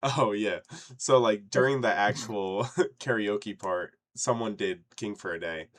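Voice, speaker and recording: A young man with a lowish voice co-hosts a casual podcast chat. He tells stories in an animated way, swears freely and jumps up in loud, mocking bursts when something annoys him. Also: unhurried. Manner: animated storyteller, swears, mocks wrong lyrics with rising outbursts. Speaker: podcast co-host.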